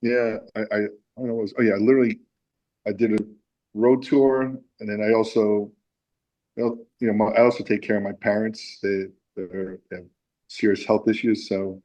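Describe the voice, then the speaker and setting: A man's voice: fairly low pitch, flat delivery, normal speed, mellow, rough recording. A man being interviewed about his music, telling a long, rambling anecdote with many restarts. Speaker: musician guest. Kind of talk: casual interview storytelling.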